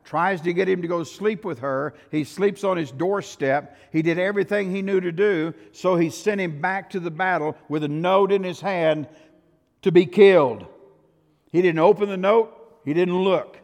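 A male pastor preaching a storytelling sermon, swinging from loud outbursts to hushed tones. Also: sits high, normal speed, creaky, hardly any pauses. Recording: reverberant hall.

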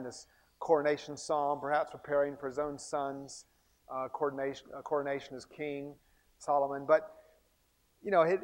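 Man, bible teacher, lively and emphatic, a bit high-voiced, lots of hall echo. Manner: animated, emphatic with frequent restarts. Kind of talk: recorded teaching series.

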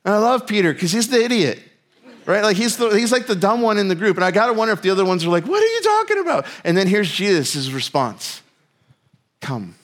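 A pastor preaching a sermon in a casual, storytelling way, with self-mocking humor and lots of filler words. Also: male voice, sits high, fast, fairly bright tone.

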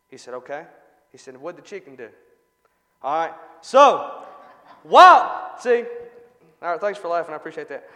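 A man preaching a sermon in a folksy, halting way, often checking in with "all right?" as he talks. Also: high voice, fairly bright tone. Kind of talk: sermon with prayer and joke. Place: church sanctuary. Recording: long reverb of a church hall.

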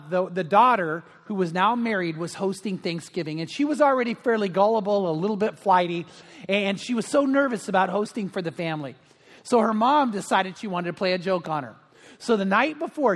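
A man's voice: high-pitched, fairly bright tone, in a large hall. A middle-aged male pastor giving a sermon, telling stories in a chatty way with many fillers. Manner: anecdotal storytelling with frequent fillers.

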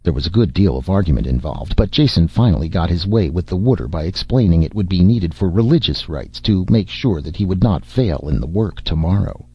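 A man narrating a novel as an audiobook reader, with an expressive, varied delivery. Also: deep voice, brisk, hardly any pauses, husky, no room sound. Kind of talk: scripted narration. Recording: dull, dry lo-fi recording.

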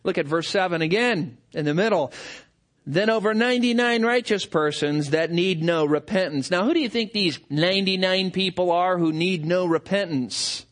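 A man delivers a sermon with a fairly high voice. He is animated and swings his delivery up and down as he acts out what people say. It sounds like a preacher working through a passage for his congregation. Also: normal speed.

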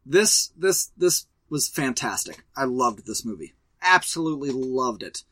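A blunt, profane man trading casual movie takes on a podcast. His voice is bright and forceful, with lively swings in pitch. The sound is dry and close. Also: a little slow, dry recording. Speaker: podcast co-host. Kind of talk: casual movie review chat.

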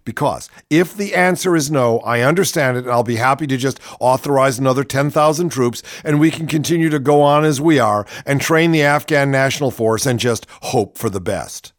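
A man's voice: medium pitch, fairly quick, few pauses, no room sound, clean studio sound. Sarcastic man reading aloud. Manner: sarcastic, mocking asides. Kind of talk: reading a book aloud with commentary.

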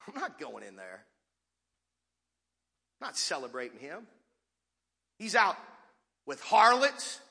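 Man doing a sulky older brother, indignant, grumbling, lively pitch, long reverb. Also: moderate pace, gravelly, full character voice. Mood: sulky refusal. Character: resentful dutiful older brother, grown man.

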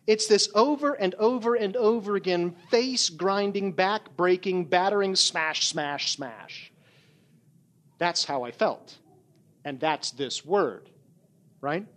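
A man preaching a sermon as pastor, telling a story with animated emphasis and frequent "right?" asides. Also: high-pitched. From not from California.

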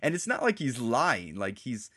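A man's voice: mid-range voice, sing-song, normal speed, fairly bright tone, no room sound, studio quality. A man hosting a casual chat, rambling as he recaps TV scenes and quotes the characters' lines. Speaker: podcast host.

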